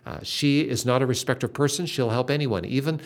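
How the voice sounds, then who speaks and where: An older man telling a faith story in an earnest, dramatic way, with lively shifts in emphasis. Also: mid-range voice, a little fast.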